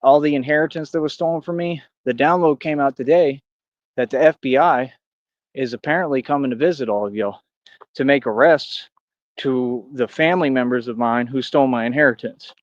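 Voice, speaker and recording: A man's voice: medium pitch, a little fast, dry recording, dull audio. A man in a rambling livestream rant, boastful and combative, talking straight at his critics. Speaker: streamer.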